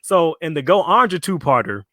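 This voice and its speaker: A man co-hosting a casual fan podcast, animated, swearing freely and acting out villains' lines. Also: a little high, normal speed, no room sound. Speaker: podcast co-host.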